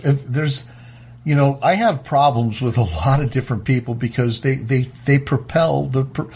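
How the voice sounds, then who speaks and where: A man hosting a talk show, speaking in a fast-paced, emphatic way and often restarting his words. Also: fairly high pitch, husky. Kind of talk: casual talk-show monologue.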